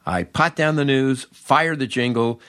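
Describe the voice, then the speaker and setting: A man's voice: mid-range voice, expressive, a little slow, bright, forceful tone, dry recording, studio quality. An older man hosting a podcast, telling a comic story in a wry, self-mocking way. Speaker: podcast host.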